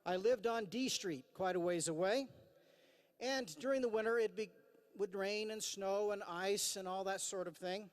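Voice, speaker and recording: A man's voice: high-pitched, normal speed. A man in his fifties giving a formal commencement address from a podium. He talks earnestly with dry self-deprecating humor and frequent "uh" fillers. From Idaho, USA. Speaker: commencement speaker. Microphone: podium microphone. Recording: long hall reverb.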